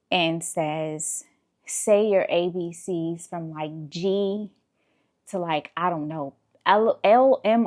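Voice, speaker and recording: A woman vlogger, around her thirties, telling a personal story in a casual, exasperated way with frequent swearing. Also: mid-range voice. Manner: animated, exasperated retelling with profanity.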